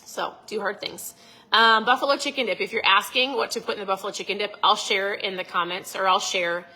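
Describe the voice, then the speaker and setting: A middle-aged woman talks straight to her phone camera outdoors, rambling through a casual pep talk. Her voice is bright and a little husky, and she slips into quick impressions of her own thoughts. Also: mid-range voice, fairly even intonation, low-quality recording. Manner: chatty, rambling, acts out her inner voices. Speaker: vlogger. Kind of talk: casual motivational vlog. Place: outdoors by a lake at dusk.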